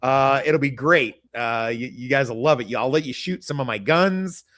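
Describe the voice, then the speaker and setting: A man from Kansas hosts a loose podcast, swearing freely, rambling, and laughing often. His voice sits at an everyday pitch, and the sound is dry and close. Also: normal speed, fairly bright tone, dry recording. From American Midwest, Kansas. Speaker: podcast host. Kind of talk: casual crude podcast chat.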